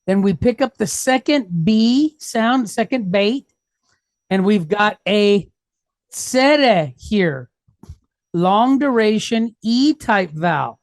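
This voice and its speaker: Lady teacher sounding out syllables one by one, slow and careful, dry close sound. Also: medium pitch, animated, a little mellow, no echo. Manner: sounds out syllables slowly, step by step; patient, checks in with the class. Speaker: Hebrew reading teacher. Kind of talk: classroom lesson.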